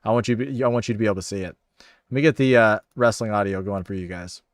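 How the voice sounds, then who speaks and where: A man's voice: fairly low pitch, fast, dry recording, studio quality. Upbeat man hosting a livestream. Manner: upbeat, friendly, thanks viewers by name. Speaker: livestream host. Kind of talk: casual chat reading viewer comments.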